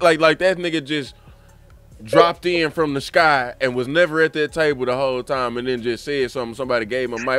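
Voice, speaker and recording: Male host, excitable and profane, mid pitch, light music underneath. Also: brisk. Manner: animated, profane, quotes clips with relish. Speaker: podcast host. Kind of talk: casual chat.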